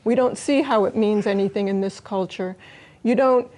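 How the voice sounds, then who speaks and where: A woman's voice: medium pitch, moderate pace, darkish tone. Earnest woman answering interview questions. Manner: earnest, restarts phrases. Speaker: interview guest.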